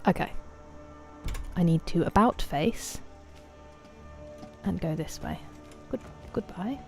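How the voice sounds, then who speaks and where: A woman's voice: fairly low pitch, expressive, slow, darkish tone. Chatty woman streaming a game. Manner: chatty, greets chat viewers by name, playful. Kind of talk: casual live-stream chat while gaming. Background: faint game music.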